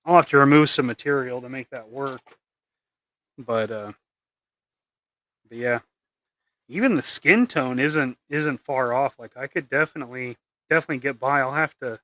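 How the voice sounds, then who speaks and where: A man's voice: medium pitch, pushed and bright, no room sound. Rambling man chatting on a hobby livestream. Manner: rambling, trailing off into mumbles. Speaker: livestream host making custom action figures. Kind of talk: casual livestream chat while working.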